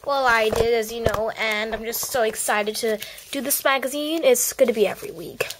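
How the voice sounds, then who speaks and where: A woman's voice: on the high side, normal speed, noisy background, natural voice. A woman voicing a starstruck young magazine seller in an amateur homemade play, breathless and gushing. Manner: breathless, gushing, keeps saying how excited she is.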